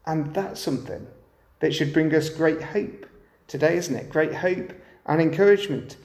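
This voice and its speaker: A man's voice: fairly high pitch, normal speed, a little mellow, reverberant. A man preaching a sermon, often turning to the listeners with rhetorical questions.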